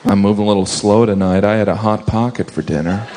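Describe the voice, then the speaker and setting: A man performing stand-up comedy with self-deprecating, deadpan asides. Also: on the low side, fast talker. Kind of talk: stand-up routine. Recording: live club with loud crowd and noise.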